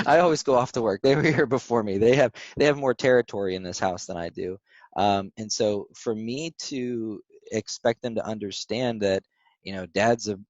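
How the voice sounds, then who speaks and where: A man hosting a casual interview over the phone, chatty and quick to laugh as he shares stories. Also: lowish voice, no room sound. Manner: chatty, laughs often, lively anecdotes. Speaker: interview host. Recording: dry, dull phone-call audio.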